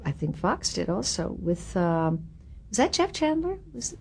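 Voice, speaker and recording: An older woman in her seventies, telling stories from her acting days in an interview. She talks in a candid, wry way and throws in lively asides. Her voice sits at an ordinary middle pitch. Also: a little slow, creaky, breathy edge. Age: 70s. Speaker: actress interviewed about her career. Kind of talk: reminiscing interview.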